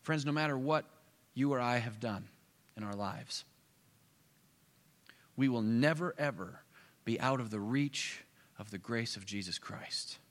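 A male preacher telling a story in a sermon. He swings between loud bursts and hushed asides. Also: mid-range voice, unhurried, long pauses. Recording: echoey hall.

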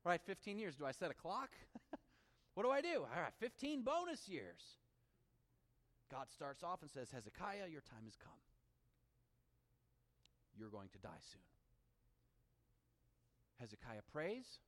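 Male pastor with a high, lively delivery, preaching a sermon that moves between emphatic scripture reading and quiet asides; long reverb. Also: unhurried, pauses often. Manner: animated preaching, dropping to hushed intimate tones.

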